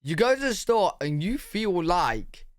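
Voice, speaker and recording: A British man hosting a reaction video, chatting loosely and animatedly and calling the viewer "bro." His voice sits a little higher than most men's. The sound is dry and close. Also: big pitch swings, a little slow, no echo. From United Kingdom. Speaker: reaction channel host. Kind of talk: casual reaction commentary.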